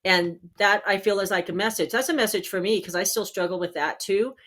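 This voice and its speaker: Woman, spiritual healing host, earnest, encouraging, casual talk, mid-range voice, pauses to find words. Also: medium pitch, fairly bright tone. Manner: earnest, encouraging, talks to viewers directly; searches for words aloud with fillers. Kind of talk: casual self-help talk.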